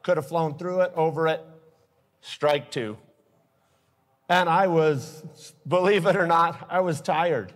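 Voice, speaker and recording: Man, live safety talk, earnest, emotional, blunt, fairly high-pitched, reverberant hall. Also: slow, pauses often. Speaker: speaker at aviation safety forum. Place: forum at an airport hangar venue. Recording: long reverb from a large hall.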